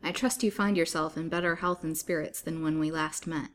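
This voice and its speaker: A woman's voice: deep voice, fairly even intonation, brisk, fairly bright tone, a little hiss or hum. A woman reading aloud as a villainous male doctor who speaks airily. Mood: airy. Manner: airy. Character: villainous male asylum doctor, airy and smooth.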